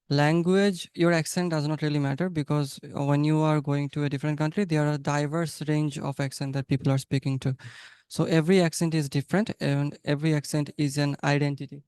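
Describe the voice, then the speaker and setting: A man hosting a webinar in a smooth, clear voice pitched a little high. He sums up points warmly and calls on participants to speak. The sound is close and dry. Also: level tone, a little fast, no echo. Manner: encouraging, invites speakers by name. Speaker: webinar host. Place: online webinar.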